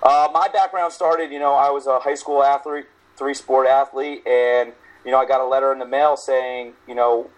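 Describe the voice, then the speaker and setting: A man guesting on a podcast, a coach recounting his story plainly and steadily at a middle pitch for a man. His tone stays even and conversational, heard over a video call. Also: moderate pace, hardly any pauses, low-quality recording. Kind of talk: casual interview chat.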